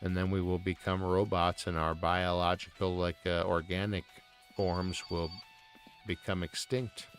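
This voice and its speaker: A man's voice: low voice, flat delivery, a little slow. A man streaming live, chatting casually in a rambling, profane, joking way over faint music.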